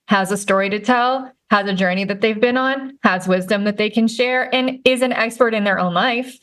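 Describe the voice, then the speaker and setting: A woman's voice: mid-range voice, fairly bright tone. A woman in her thirties, a life and career coach hosting a podcast, talking in a rambling, upbeat way and laughing often. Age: 30s. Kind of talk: chatty podcast talk. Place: recording remotely, not in the same room as her co-host.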